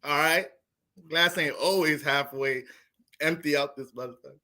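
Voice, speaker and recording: A young man casually talking through an astrology livestream, profane and animated, laughing often. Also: fairly high pitch, moderate pace.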